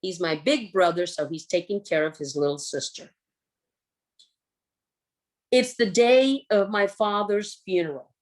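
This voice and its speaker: A woman presenting a humor workshop, telling personal stories with animated acting-out of scenes. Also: fairly low pitch, a little slow, long pauses. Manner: animated storyteller who acts out scenes.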